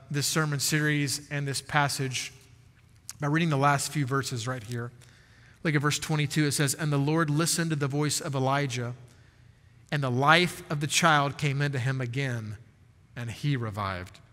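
A male pastor delivers an earnest sermon with emphatic stresses and dramatic pauses. His voice sits a bit high and comes across bright and forceful. A long reverb from a large church sanctuary trails each phrase. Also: fairly even intonation.

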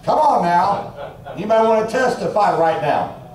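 A man in his forties preaches a revival sermon in a church, his voice high for a man. He tells his stories with animation and keeps calling out to the congregation. He is picked up from a distance, with heavy echo in the room. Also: moderate pace, slight background noise. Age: 40s. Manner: storytelling, animated, calls out to the congregation. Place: church sanctuary. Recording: echoey church hall from far off.

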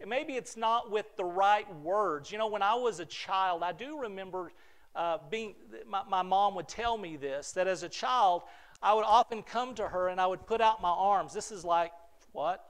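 A middle-aged male pastor with a high, light voice gives a heartfelt sermon. He speaks earnestly, stumbling over and repeating words. His voice drops to soft near-whispers before rising again.

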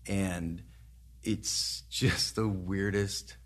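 Lowish-voiced man telling rambling stories. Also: fairly even intonation, drawn-out words, husky. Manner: rambling anecdotes, profane, laughs while talking. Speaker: guest, celebrity trainer. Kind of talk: casual podcast storytelling.

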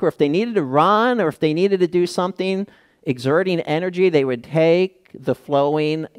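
A man's voice: fairly high pitch, smooth, no room sound, clean studio sound. A middle-aged male pastor preaching a sermon, emphatic, asking the congregation questions.

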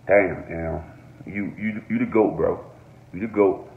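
A man giving an excited, profane reaction rant in a casual vlog, repeating his exclamations over and over. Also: low-pitched, measured pace, gravelly, slight background noise. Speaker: reaction vlogger. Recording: echoey room, phone-like sound.

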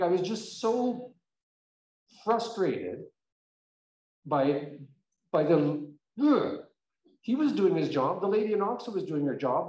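Animated man preaching in an echoey church. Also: a little high. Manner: conversational storytelling, animated and emphatic. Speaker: pastor. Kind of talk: sermon. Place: church sanctuary.

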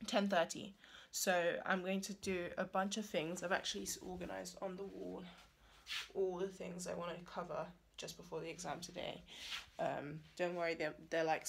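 A young woman chats to her camera in a loose, rambling student vlog, her voice rough and gravelly with a fairly low pitch. She sounds hoarse and drifts through many fillers, with a faint hiss underneath. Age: young adult. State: hoarse morning voice. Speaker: student vlogger. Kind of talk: casual vlog talk to camera.

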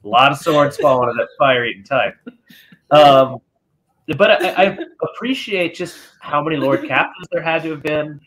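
A man's voice: fairly high pitch, moderate pace, fairly bright tone. A man hosting a podcast in casual chat, rambling and swearing as he loses his train of thought. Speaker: podcast host.

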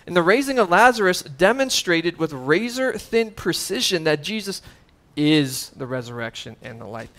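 Animated preaching man, fairly high voice. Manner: animated preaching, rising to emphatic peaks; conversational asides with fillers and chuckles. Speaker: pastor. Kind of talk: sermon.

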